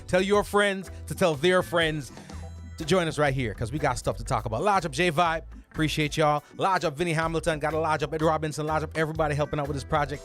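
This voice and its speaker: A man with a Jamaican accent hosting a radio and podcast show, energetically rattling off greetings and shout-outs to listeners. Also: medium pitch.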